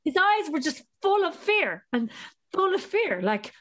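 An Irish woman in her thirties, a podcast co-host telling a story in casual chat, animated and laughing as she acts out the voices. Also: very high-pitched, unhurried. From Ireland.

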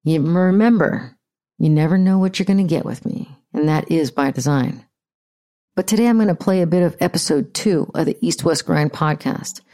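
A woman's voice: sits low, normal speed, dark tone. An American woman hosting a podcast with blunt, profane, ranting casual commentary. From United States. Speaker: podcast host.

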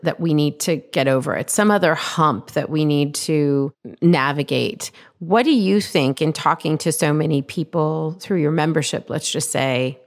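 A woman hosting a podcast interview, asking thoughtful, searching questions. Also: sits low. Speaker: podcast host.

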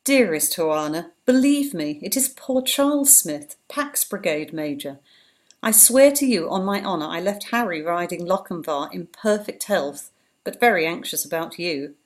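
An earnest male army officer, as a woman reader puts him on, pressing his reassurance with urgent emphasis. His voice sits low and steady in this audiobook-style reading. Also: moderate pace, natural voice. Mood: reassuring.

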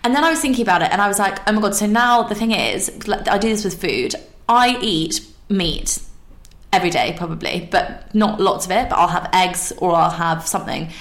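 A woman hosting a podcast, chatting casually and telling animated stories. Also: fairly low pitch, fairly quick, echoey room. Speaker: podcast host. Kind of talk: casual chat.

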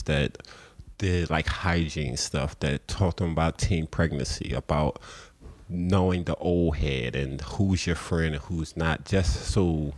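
A man with a Philadelphia accent, telling stories as a podcast guest and acting out the voices of people he quotes. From South Philadelphia. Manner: animated storyteller acting out quoted voices, often high-pitched. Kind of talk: storytelling in a podcast interview.

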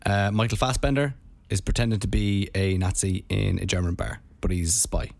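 A man co-hosting a podcast in casual chat, telling a story in a rambling, animated way. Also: lowish voice, fairly quick, creaky. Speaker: podcast co-host.

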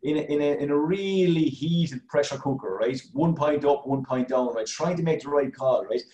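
A man explains his point in a casual sports chat, leaning on "right" and "like" as he goes. His voice is mellow and dark, and it rings in an echoey room. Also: fairly high pitch, moderate pace, lo-fi sound. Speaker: panelist.

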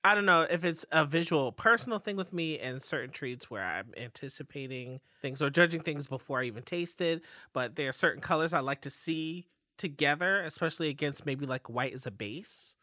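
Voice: medium pitch, animated, brisk, few pauses, sharp tone, dry recording, clean studio sound. A podcast co-host talking through a show in casual chat, thoughtful and hedging, often trailing off mid-thought.

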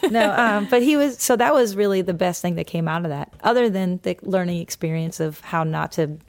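A woman in her fifties tells stories in a casual, chatty way. Her voice sits a little low, and she slips into other people's voices when she quotes them. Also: fairly quick. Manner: lively anecdotal, mimics voices in quotes. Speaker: guest. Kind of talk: casual storytelling.

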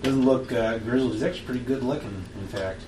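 A man narrating a western tabletop game as game master, halting with fillers and restarts. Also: mid-range voice. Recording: distant mic in an echoey room with background noise.

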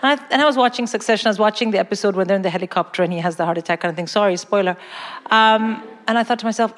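A woman's voice: medium pitch, very fast. A woman in her forties from India doing a stand-up comedy set, with a brash, emphatic, mock-indignant delivery. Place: large concert hall with live audience. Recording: hall reverb, audience laughter.

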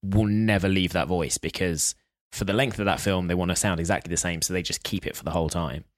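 A man's voice: low voice, fairly even intonation, fast, no room sound. A young man co-hosting a podcast, explaining facts steadily with dry humour. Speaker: podcast co-host. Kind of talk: casual chat.

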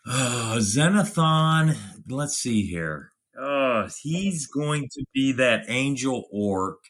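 A man's voice: medium pitch, expressive, takes it slowly, a bit bright. A man answering quiz questions as a podcast guest, hesitant and thinking aloud. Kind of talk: casual chat.

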